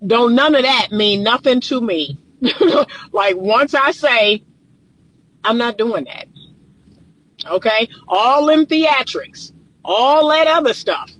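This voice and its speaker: A woman's voice: on the high side, animated, slow pace, a bit bright, low-quality recording. Emphatic woman giving blunt advice. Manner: emphatic, preachy, with frequent laughs; casual colloquial talk. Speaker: relationship coach. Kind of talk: direct-to-camera advice monologue.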